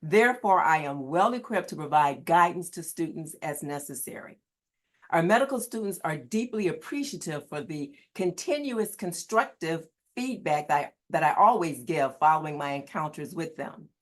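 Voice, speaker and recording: A woman's voice: low voice, lively intonation, normal speed. A woman gives an earnest prepared talk to new students. She stresses key words and repeats them for emphasis. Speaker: standardized patient. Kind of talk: prepared presentation.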